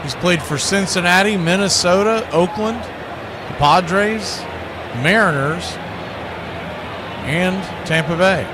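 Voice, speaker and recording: A man calling a baseball game pitch by pitch as the stream's play-by-play announcer, rising in excitement on big plays. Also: slow, long pauses, noisy background.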